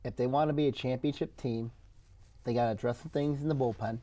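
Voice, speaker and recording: A man's voice: medium pitch, steady tone, fast talker, mellow. A man arguing about baseball in a casual talk show, rambling with fillers. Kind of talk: casual sports debate.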